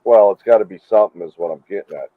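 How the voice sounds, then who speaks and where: A man's voice: on the low side, racing. A man in a casual live-stream chat. He is easygoing and often trails off mid-thought. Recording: tinny phone line.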